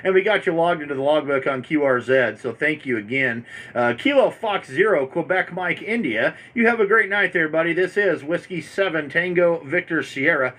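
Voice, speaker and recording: Bright folksy radio operator man. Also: on the high side, animated, moderate pace. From Montana. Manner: folksy, keeps adding "there, my friend". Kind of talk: casual on-air radio chat.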